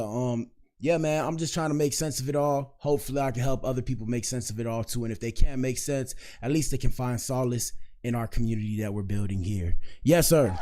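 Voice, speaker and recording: A man's voice: mid-range voice, a little mellow. Loose, joking male commentary host. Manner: loose, joking and rambling, talks straight to the viewers. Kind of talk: casual commentary.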